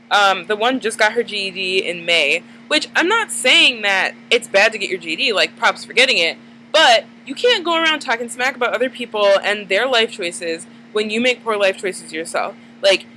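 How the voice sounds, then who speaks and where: Chatty young woman with a bright voice. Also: medium pitch, a little hiss or hum, low-quality recording. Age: 20s. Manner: rambling, chatty, lots of "like" fillers. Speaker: vlogger. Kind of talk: casual chat to camera. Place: dim room at night.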